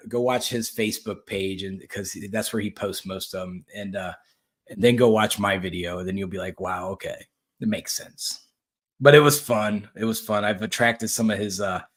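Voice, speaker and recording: Middle-aged male podcast host, lower voice, blunt and rambling, casual and profane. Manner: blunt, rambling, swears freely. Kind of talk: casual political commentary.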